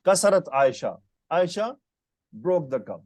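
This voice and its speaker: A man's voice: fairly high pitch, sing-song, measured pace, a little mellow, no echo. Patient male Arabic teacher on a call. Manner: patient, quizzing the student with short questions. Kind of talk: online grammar lesson. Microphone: computer mic on a video call.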